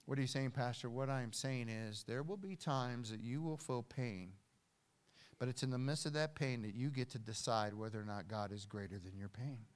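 An older man preaching a sermon as pastor in a church, swinging from hushed storytelling to loud declarations. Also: mid-range voice, moderate pace. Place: church hall.

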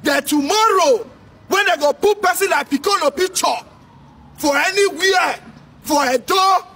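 At a measured pace, a high-voiced man from Edo State, Nigeria, shouts a rant in Nigerian Pidgin English as a social commentator. He scolds in a sing-song way, heard through a distant mic with faint background noise.

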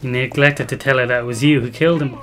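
A man's voice: mid-range voice, steady tone, quick pace, very noisy. A man giving casual, self-mocking commentary while playing a video game. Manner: chatty, self-mocking, laughs at himself. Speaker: gameplay commentator. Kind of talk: casual let's-play commentary. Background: game music.

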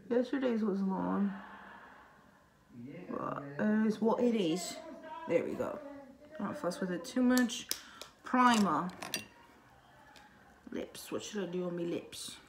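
Chatty woman with a gravelly edge. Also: medium pitch, noisy background. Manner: chatty, rambling, talks to herself while working. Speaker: beauty vlogger. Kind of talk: casual makeup tutorial chat.

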